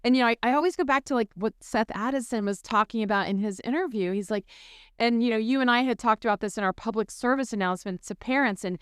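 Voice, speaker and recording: Woman, podcast co-host, smooth clear voice, animated storyteller, dry close mic. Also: a little high, quick pace, no room sound. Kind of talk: casual faith podcast chat.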